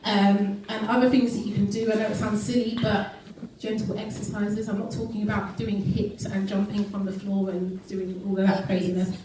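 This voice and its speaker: A woman with a medium-pitched, level voice gives a casual health talk to an audience as a guest speaker in an event hall. She speaks earnestly at normal speed with few pauses, though with frequent ums and restarts. The recording is echoey, captured from far off, with background noise.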